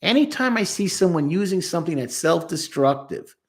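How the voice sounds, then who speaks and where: A man's voice: fairly high pitch, sing-song, a little fast. A man working as a therapist, giving an emphatic commentary on a song and acting out lines and voices as he explains. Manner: emphatic, quotes lyrics and acts out voices.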